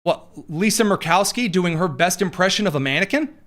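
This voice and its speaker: A man's voice: sits high, lively intonation, a little fast, a bit bright. A man hosting casual political commentary, sarcastic and jokey, with frequent fillers and asides.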